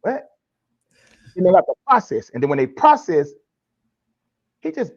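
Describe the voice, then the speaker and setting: A man talks like a tough-love life coach, emphatic and preachy. His voice is husky and a little high, and his pitch swings widely. The recording has a dull lo-fi sound. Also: huge pitch swings, moderate pace, pauses often. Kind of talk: podcast interview answer.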